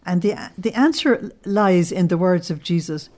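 A woman with a lowish voice delivers a spoken sermon, earnest and unhurried. She teaches from scripture and slips into personal stories as she goes. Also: darkish tone. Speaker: religious teacher.

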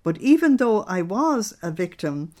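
A woman reading aloud the words of a grieving, gentle Jesus in a solemn, measured way. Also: mid-range voice, sing-song, pitched above the performer's own voice. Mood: sorrowful.

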